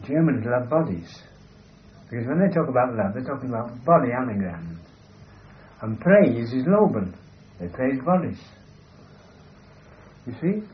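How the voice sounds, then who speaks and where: A man's voice: mid-range voice, sing-song, unhurried, long pauses, highs cut off, slight background noise. A man holding forth in an emphatic, lecturing way, often asking "you see". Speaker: speaker discussing language. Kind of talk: discursive monologue in conversation.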